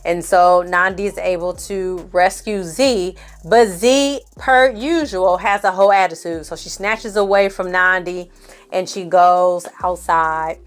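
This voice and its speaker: A woman's voice: fairly low pitch, measured pace, clean tone. A woman recapping a TV series in a casual, opinionated and slangy way. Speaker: film and TV recap reviewer. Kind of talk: casual review chat.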